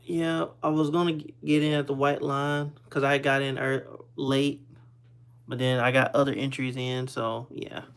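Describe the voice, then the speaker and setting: Chatting casually with viewers from his home computer, a streamer in his thirties wanders between thoughts, revising what he just said while stifling yawns. His medium-pitched voice is gravelly, level and at normal speed, with a little hiss or hum.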